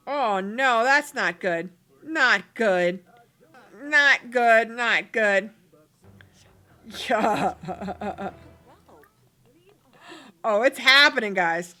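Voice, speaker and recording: A woman with a bright, high voice hosts a casual let's play, her pitch swinging widely as she narrates. She acts out her characters' squabbles in quoted snippets and laughs often. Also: lively intonation, extremely slow, long pauses. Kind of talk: casual gameplay commentary.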